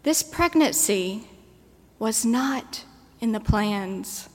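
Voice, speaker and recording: A woman preacher delivering a sermon in a measured, storytelling manner. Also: on the high side, lively intonation. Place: church. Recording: long church reverb.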